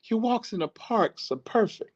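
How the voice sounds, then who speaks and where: A man hosting a podcast, talking in a casual, animated monologue, swearing, preaching and laughing often. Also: sits high, normal speed, dull audio. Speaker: podcast host.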